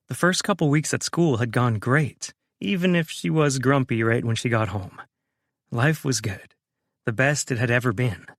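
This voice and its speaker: A man reading a romance audiobook in a steady, measured first-person voice at a mid pitch. The sound is dry and close to the mic. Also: dry recording. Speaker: audiobook narrator. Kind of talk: scripted romance narration.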